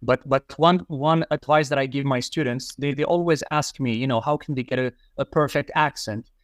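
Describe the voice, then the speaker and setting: A Moroccan man who works as a language educator answers interview questions reflectively in a casual conversation, repeating key phrases for emphasis. His medium-pitched voice moves at a normal speed, captured in clean studio sound with no room echo.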